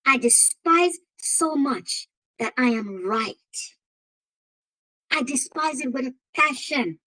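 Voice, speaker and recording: Slow, high-voiced woman with an African accent. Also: expressive, pushed and bright, low-quality recording. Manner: emphatic, repeats phrases, exclaims. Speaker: host. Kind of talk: commentary vlog.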